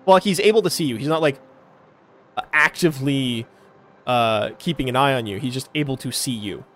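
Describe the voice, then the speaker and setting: A man narrating a tabletop game as game master, describing scenes haltingly with many fillers. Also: mid-range voice, a bit bright.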